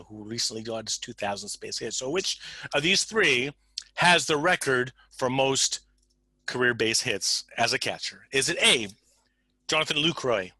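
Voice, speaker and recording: A man's voice: a little high, bright, forceful tone, no room sound, low-quality recording. A man hosting a casual sports podcast, rambling as he retells a film scene and reads out a trivia question. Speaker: podcast host. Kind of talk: casual chat.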